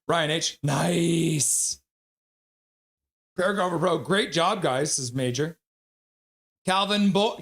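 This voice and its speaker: A man calling a hockey game on a live stream and reading chat messages aloud with excited shouts. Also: fairly high pitch, slow pace, long pauses. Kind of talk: casual live-stream commentary.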